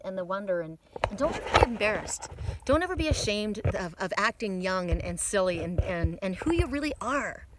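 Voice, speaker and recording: A woman in her fifties doing a casual oracle card reading outdoors in a windy mountain forest, chatty and rambling with frequent repeats. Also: medium pitch. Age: 50s.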